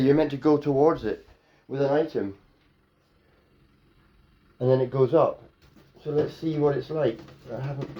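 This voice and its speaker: Guy riffing daft puns at home, mid-pitch voice, dry mouth. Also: dark tone, muffled recording. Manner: playful, silly wordplay, slips into daft voices. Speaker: comedian. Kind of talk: rambling improvised comedy monologue.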